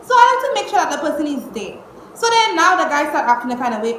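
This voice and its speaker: A young woman, telling a storytime vlog at home in an exasperated, animated way, cursing and using slang. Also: sits high, fast. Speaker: vlogger. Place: indoors at home. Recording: echoey room with faint noise.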